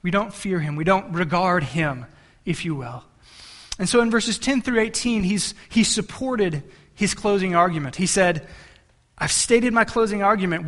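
A man's voice: sits high, fairly bright tone. A male pastor preaching a sermon in a conversational, storytelling way, with frequent restarts and asides to the congregation. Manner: many restarts and repeated words.

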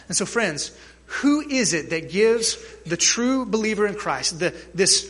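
A man's voice: high-pitched, very animated, unhurried, a bit bright, breathy edge. A man preaching a sermon as pastor, emphatic and asking the congregation questions.

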